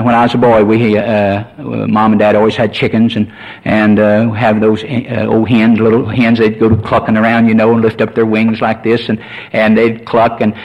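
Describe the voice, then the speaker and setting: A man's voice: fairly low pitch, darkish tone, low-quality recording. A man preaching a folksy sermon as pastor, rising to emphatic points.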